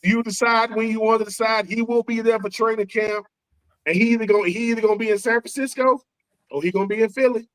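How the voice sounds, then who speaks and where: A man's voice: high voice, fairly even intonation, fast talker, fairly bright tone, no room sound, poor audio. A man with an Atlanta accent co-hosting a sports podcast, talking in a loose, conversational way and repeating his points. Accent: Atlanta, Southern US. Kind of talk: casual sports talk.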